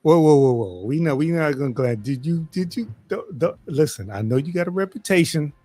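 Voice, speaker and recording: A man's voice: on the high side, lively intonation, a little fast, warm tone. A middle-aged man hosting a casual live-stream interview, playful and teasing, laughing often as he presses his guest. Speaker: host.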